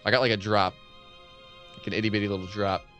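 A man's voice: fairly low pitch, little pitch movement, quick pace, fairly bright tone, soft background music. A man chatting loosely with viewers while streaming a horror game, rambling and swearing freely. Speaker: gaming live streamer. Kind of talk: casual live-stream game commentary.

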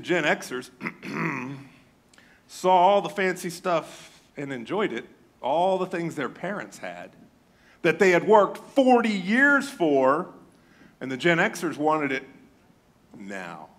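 A male pastor preaching a sermon, animated and joking, often mimicking his congregation in a raised voice. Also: a little high, slow.

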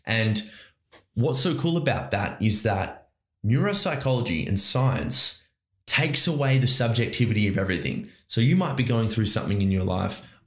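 This Australian-accented podcast host rambles through an eager motivational monologue for his audience, his lowish voice carrying a slightly bright edge. The recording sounds roomy and echoey.

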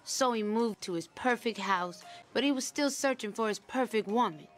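A woman voicing a sharp-tongued, cocky young boy in a cartoon, sounding blunt and sarcastic. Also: fairly high pitch, normal speed, soft background music, natural voice. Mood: dry narration. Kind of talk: cartoon voice acting.

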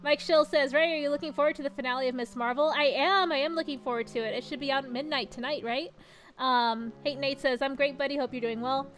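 Giggly high-voiced woman streaming a game. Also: steady tone, quick pace, fairly bright tone. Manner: giggly and chatty, reads chat and story text aloud. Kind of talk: casual live-stream chat while gaming. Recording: game music behind the voice.

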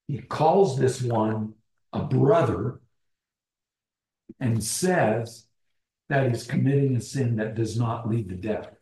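A man teaching a small-group Bible study, deliberate, restating phrases and posing questions to the group. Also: medium pitch, dark tone. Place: church meeting room. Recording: roomy echo.

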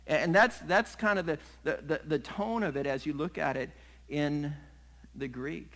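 A middle-aged man, a pastor, preaching a sermon in an animated way, acting out little scenes and laughing along the way. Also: fairly high pitch, moderate pace, low-quality recording.

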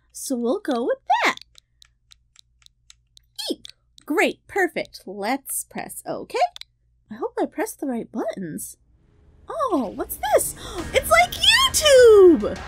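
A woman's voice: very high voice, exaggerated voice. A woman voicing a cheerful little mouse girl hosting a kids' game let's play, gushing and gasping with delight. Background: game music.

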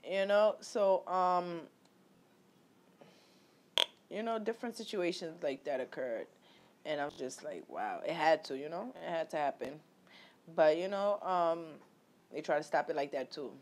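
A woman's voice: sits low, unhurried, pauses often, a little mellow, a little hiss or hum. Emphatic, swearing woman vlogger. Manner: loose, profane, emphatic, addresses viewers directly. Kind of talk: casual personal storytelling to viewers.

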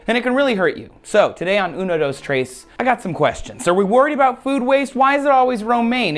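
A woman hosting a science explainer video, playful and jokey with lively asides. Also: a little high, a little fast, few pauses.

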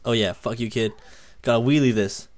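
A young man giving excitable gameplay commentary, swearing often and yelling when he wins or dies. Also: medium pitch, normal speed. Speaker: gaming YouTuber.

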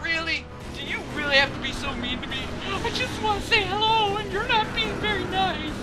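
A man voicing a whiny, put-upon monster from a video game in a high, squeaky voice. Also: fairly quick, over loud music, over a noisy crowd.

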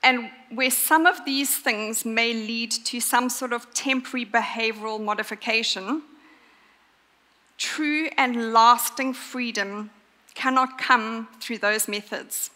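A woman preaching a sermon in an earnest, emphatic way, pausing to stress her points. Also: fairly high pitch, pushed and bright. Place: church. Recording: long church reverb.

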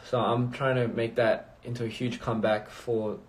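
A man's voice: medium pitch, little pitch movement, moderate pace, noisy background. Man rambling on a phone livestream. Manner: rambling, reads out viewer comments. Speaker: livestream host. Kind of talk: casual livestream chat.

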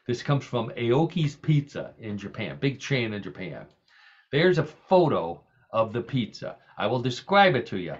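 A man's voice: mid-range voice, breathy edge, dull audio. A man hosting a podcast in casual, comedic chat, telling jokes and laughing often. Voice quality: jokey, laughs often, tells gags. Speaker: podcast host.

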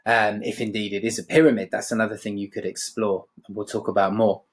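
A man's voice: lowish voice, little pitch movement, fast. Male teacher, conversational lesson. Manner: conversational, checks in with "right?". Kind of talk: recorded literature lesson.

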